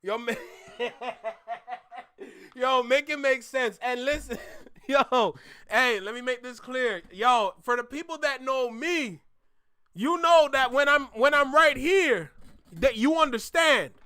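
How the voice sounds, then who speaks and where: A man's voice: extremely high pitch, expressive, slow pace, sharp tone, smooth. A man hosting a reaction video, talking casually with slang and laughter and repeating his disbelief.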